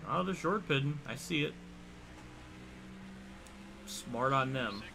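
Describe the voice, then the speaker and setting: A man's voice: mid-range voice, animated, takes it slowly, gravelly. A young man live-streaming a racing game, commenting on the race and joking with his chat, often laughing. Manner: laid-back, laughing banter with chat. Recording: faint game noise behind.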